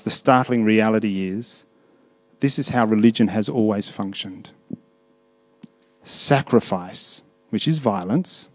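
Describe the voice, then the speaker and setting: A man preaching a sermon, moving between hushed reflection and raised, emphatic delivery, often putting questions to his congregation. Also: medium pitch. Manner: conversational, asks the congregation questions. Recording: long reverb of a large hall.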